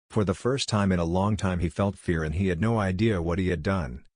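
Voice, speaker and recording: Low-voiced guy reading fanfic aloud, plain and even, dry close mic. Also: brisk, hardly any pauses, dry recording. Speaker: narrator. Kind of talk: reading a fan story aloud.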